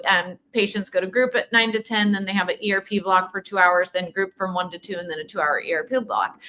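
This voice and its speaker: A middle-aged woman, speaking as a clinician in a casual livestream talk, animated and chatty with lots of fillers. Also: mid-range voice. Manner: animated, conversational, many fillers and quoted dialogue. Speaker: OCD clinician and program leader.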